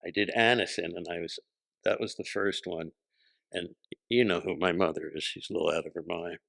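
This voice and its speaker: A man, a podcast guest telling stories in animated casual chat, acting out the voices he quotes. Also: low voice, fairly quick, vocal fry. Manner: animated, acts out quoted voices, laughs often.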